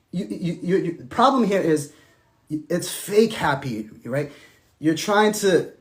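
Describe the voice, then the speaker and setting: A man speaks in a casual, emphatic monologue. His voice sits slightly high and swings through a wide, lively range. He is forceful at times and quiet and low at others. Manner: animated and emphatic, sinking to soft, low tones when recounting. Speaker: estranged husband telling his side.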